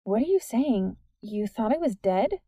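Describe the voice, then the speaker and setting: A woman reading the part of a blunt, skeptical teenage girl with a brisk, dismissive way of talking. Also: fairly high pitch, big pitch swings, mellow, no room sound, clean studio sound, full character voice.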